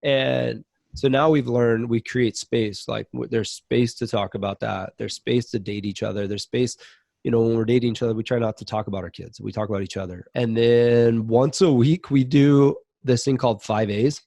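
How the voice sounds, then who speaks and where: A man's voice: medium pitch, fairly even intonation, normal speed, gravelly, dark tone, no room sound. Guy on a podcast, earnest and reflective, mid-range voice, pretty dry sound. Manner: earnest, reflective, open about personal life. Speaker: podcast guest. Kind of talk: casual interview conversation.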